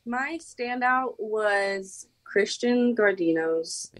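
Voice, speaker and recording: A bubbly teenage woman from Oklahoma chats in a giggly, rambling way, her sentences packed with "like" fillers. Her voice sits at an ordinary middle pitch. The sound is dry and close, with no room around it. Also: extremely slow, no room sound. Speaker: former contestant, guest. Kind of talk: casual interview chat.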